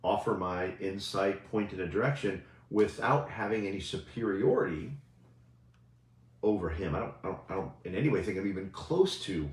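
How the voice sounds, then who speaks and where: A male coach giving a casual motivational talk, talking conversationally and often asking "right?" as he goes. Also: sits low. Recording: roomy echo.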